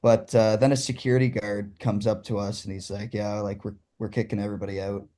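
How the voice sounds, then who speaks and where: A young man from Ontario, Canada, a guest telling his story with excitement and laughing as he goes. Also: fairly low pitch, fairly quick. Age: young adult. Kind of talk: casual storytelling.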